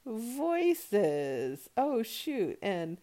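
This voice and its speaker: A woman's voice: fairly high pitch, very animated, extremely slow, warm tone. An American woman hosting a solo podcast, chatting casually and rambling with plenty of fillers. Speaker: podcast host.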